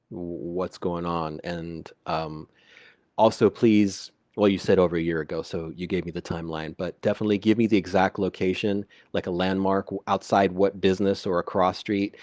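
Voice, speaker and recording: A man's voice: low voice, no echo, clean studio sound. A man hosting a live local community radio show, chatting casually, stammering and restarting as he reads out listener comments. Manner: stammering, frequent fillers and restarts; reads out listener comments and gives shout-outs. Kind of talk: live call-in community chat. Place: at a home computer.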